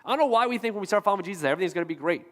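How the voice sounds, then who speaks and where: A man's voice: sits high, animated, racing, big-room sound. A man pastor delivering a sermon, preaching emphatically and repeating rhetorical questions to the congregation. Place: church auditorium.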